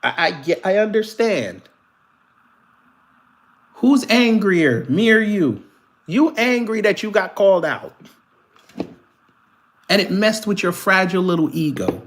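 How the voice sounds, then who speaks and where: Male streamer, higher register, animated and profane, laughs a lot, reads news and argues with chat. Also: moderate pace. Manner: animated, profane, laughs often, talks straight to viewers. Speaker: commentary channel host. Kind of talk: live commentary reading news and answering chat.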